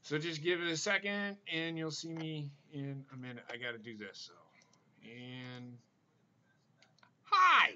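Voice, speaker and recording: A man's voice: fairly high pitch, fairly even intonation, moderate pace, sharp tone. A man hosting a casual livestream chat, bantering and swearing freely with his guests over a video call. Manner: profane, joking banter. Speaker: livestream host. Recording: muffled video call audio with faint hiss.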